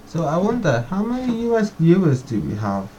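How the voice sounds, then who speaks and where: A man's voice: high voice, wildly swooping pitch, normal speed, mellow, slight background noise, rough recording. A man hosting a casual stream chat, talking in a rambling, profane way. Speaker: host.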